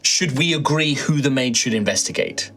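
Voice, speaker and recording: A man voicing a human noble mage who schemes quickly and conspiratorially in an improvised tabletop role-play. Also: medium pitch, bright, forceful tone, faint music behind, lightly acted. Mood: scheming. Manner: rapid, conspiratorial.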